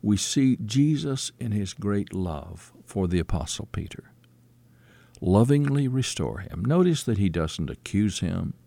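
A man preaching a sermon, explaining scripture slowly and quoting it as he teaches. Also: on the low side, expressive, vocal fry, mellow, no room sound.

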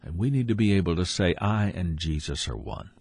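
A man preaching a sermon, earnest and emphatic, repeating his phrases and dropping low for asides. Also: expressive, brisk, darkish tone, slightly rough, no room sound.

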